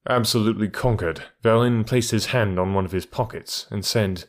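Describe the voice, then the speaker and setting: A man narrating an audiobook classic in a steady, even storytelling manner. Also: on the low side, moderate pace.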